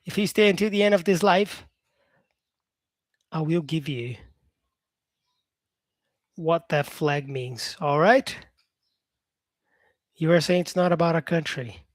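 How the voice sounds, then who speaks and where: A man's voice: on the high side, no room sound. A male English teacher with an Australian-influenced accent, chatting with viewers on a live-stream lesson and filling his talk with "yeah", "um" and "mate". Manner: chatty, unhurried, lots of "yeah" and "um" fillers, calls people "mate".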